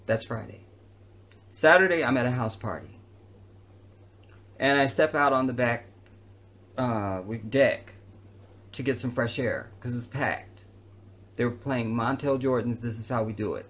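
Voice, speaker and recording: A man who works as an entertainer, telling a personal story to camera in an animated, slangy, conversational way. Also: mid-range voice, measured pace, pauses often.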